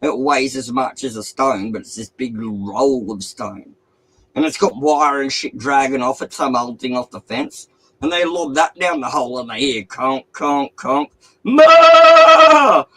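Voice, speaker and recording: A man's voice: medium pitch, moderate pace, a bit bright, rough recording. A man, a streamer telling a long crude joke in casual chat, swearing constantly and rambling. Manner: profane, rambling storyteller.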